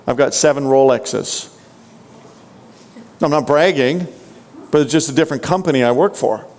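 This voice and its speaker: A man's voice: medium pitch, moderate pace, darkish tone. A man giving a motivational sales training talk, punchy and full of rhetorical questions to the audience. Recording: long hall reverb.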